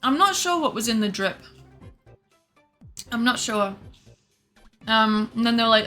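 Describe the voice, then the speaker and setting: A woman streamer talks to her chat in a bright, sharp voice that sits a little high. She tells her story in an animated way, swears freely and acts out other people's lines. Faint music plays softly in the background. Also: unhurried, long pauses.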